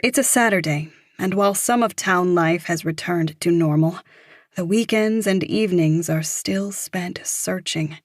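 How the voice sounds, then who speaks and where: A woman narrating a thriller audiobook in a measured, even storytelling manner. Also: lowish voice, no room sound, studio quality.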